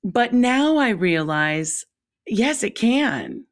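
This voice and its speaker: A woman co-hosting a podcast, talking in a reflective, animated way that jumps up when she stresses a point. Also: drawn-out words. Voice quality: calls her own voice squeaky. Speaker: podcast co-host. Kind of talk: casual chat.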